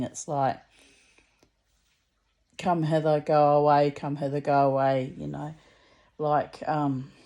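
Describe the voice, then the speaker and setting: Middle-aged aussie woman rambling through a story, lowish voice, chatty asides. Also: dark tone. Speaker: vlogger. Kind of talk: casual storytelling.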